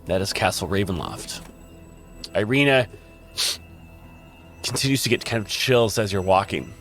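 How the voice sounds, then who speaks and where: Halting dungeon master narrating a game. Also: male voice, on the low side, expressive, fairly bright tone, soft background music. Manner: halting, full of ums and restarts.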